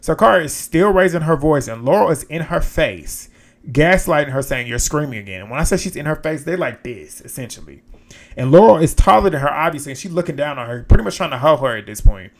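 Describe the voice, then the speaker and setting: A man's voice: a little high, lively intonation, a little fast, creaky. A man giving casual, frank commentary as host of a reality TV recap, blunt and sometimes profane.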